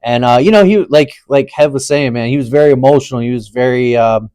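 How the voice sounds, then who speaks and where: A man co-hosting a wrestling talk show in an easygoing, slangy manner. His voice sits in an ordinary middle pitch. He agrees readily and speaks with relaxed enthusiasm. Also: fast talker, clear, resonant tone, no room sound. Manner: laid-back, slangy, agreeable. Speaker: wrestling podcast co-host. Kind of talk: casual chat.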